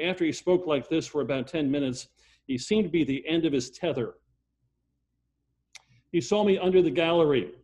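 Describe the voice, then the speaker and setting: Older male preacher, slightly high voice, emphatic and repetitive, with swings from loud to hushed. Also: normal speed, pauses often. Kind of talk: sermon storytelling.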